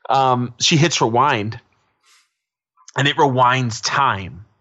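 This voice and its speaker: A man's voice: medium pitch, slow pace, bright, forceful tone, highs cut off. A man co-hosting a podcast, recapping a TV episode in casual, rambling chat that drifts into asides. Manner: rambling, digressive, laughs often. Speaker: podcast co-host.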